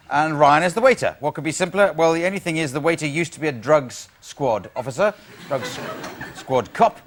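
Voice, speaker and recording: A man hosting an improv comedy show, setting up games with dry, wry asides before a studio audience. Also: a little high. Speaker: host. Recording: studio audience laughter and noise.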